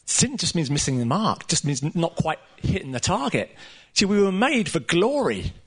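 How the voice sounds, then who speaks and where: Earnest male preacher, lively rising voice. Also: fairly high pitch, breathy edge. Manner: earnest, lively, emphatic with pauses; casual asides with light laughter. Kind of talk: sermon. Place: room with a live audience.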